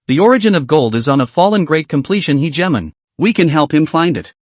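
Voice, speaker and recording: A man's voice: fairly high pitch, sing-song, fairly quick, no echo. A man doing a sly old ghost official. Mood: scheming. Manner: teasing, soothing. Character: cunning elderly male underworld ghost official.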